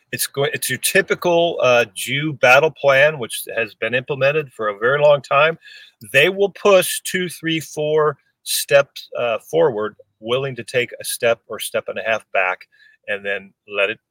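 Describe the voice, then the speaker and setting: A man's voice: mid-range voice, bright, forceful tone, no echo, rough recording. A man co-hosting a podcast over an online call, talking emphatically with many restarts. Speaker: podcast co-host. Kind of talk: casual chat.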